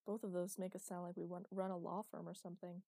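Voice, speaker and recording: A woman voicing a wry, gently teasing young man in an audiobook, with a mellow voice. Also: lowish voice, level tone, fast, no room sound. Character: dry, teasing young man, patient partner.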